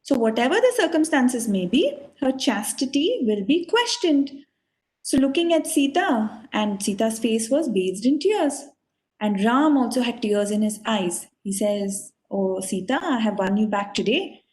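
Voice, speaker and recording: A woman's voice: a little high, sing-song, unhurried, darkish tone, low-quality recording. A woman teacher telling a sacred story to a children's class, earnest and full of fillers. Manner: earnest, with many fillers and restarts.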